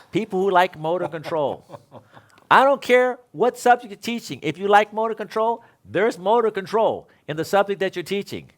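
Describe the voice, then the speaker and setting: A man teaching other instructors, telling a story in a panel discussion and acting out both sides of it. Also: a little high. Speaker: electrical code instructor.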